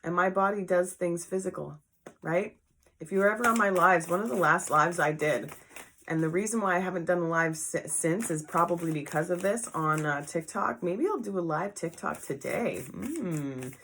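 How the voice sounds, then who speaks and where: Soft-spoken woman reading tarot. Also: fairly low pitch, a little hiss or hum. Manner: reads card text slowly, breaks into heartfelt asides; murmured affirmations. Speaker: tarot reader. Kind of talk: emotional spiritual tarot vlog.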